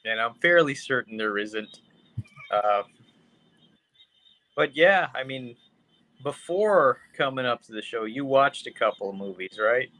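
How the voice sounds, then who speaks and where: A man's voice: mid-range voice, animated, a little slow, long pauses, sharp tone. A man co-hosting a podcast in casual chat, wry and prompting his partner with questions. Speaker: podcast co-host.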